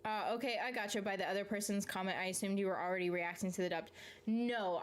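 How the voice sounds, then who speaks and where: A fast-talking woman from the Southern United States, her mid-range voice fairly even in intonation, chats casually on a live stream. She reads out viewer comments and answers them in a rambling way, swearing freely and laughing mid-sentence.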